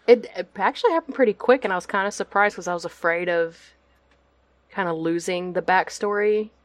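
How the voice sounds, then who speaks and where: A woman from Texas, a guest on a podcast over a video call, chatting casually with lots of fillers and quick laughs. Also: medium pitch, no room sound. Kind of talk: casual chat.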